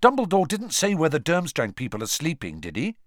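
A man's voice: a little high, huge pitch swings, brisk, no room sound, clean studio sound, voice pushed up. A man voicing an eager teenage boy asking questions in a storybook reading.

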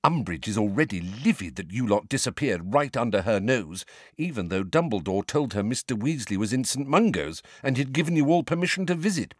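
A man's voice: medium pitch, sing-song, slightly rough, dry recording, clean studio sound. Bossy clever schoolgirl, as a man puts her on. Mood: brisk. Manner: brisk, exasperated, lecturing. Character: bossy clever teenage girl.

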